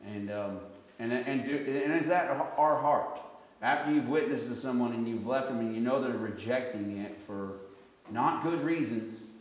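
A man's voice: medium pitch, normal speed. Storytelling man in an echoey hall. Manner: animated storytelling, often restarts sentences. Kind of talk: casual group discussion. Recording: echoey room with long reverb.

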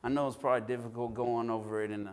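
A man's voice: mid-range voice, steady tone, quick pace, darkish tone, smooth. A man preaching a sermon, earnest, often repeating words and restarting his sentences. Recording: long reverb in a hall.

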